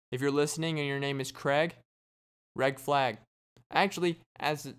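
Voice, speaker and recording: A man hosts his podcast in a casual, deadpan comic monologue. He talks at a slow, unhurried pace and acts out little imagined conversations. His voice is smooth and clear, at an average pitch. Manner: deadpan, joking, acts out quoted exchanges. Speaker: podcast host.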